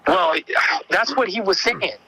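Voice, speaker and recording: A man's voice: sits high, expressive, unhurried, vocal fry, pushed and bright, slight background noise, low-quality recording. A man calling in to tell an encounter story, rambling and repeating words as he acts out what people said. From Oregon. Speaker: caller sharing an encounter story. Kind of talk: animated storytelling.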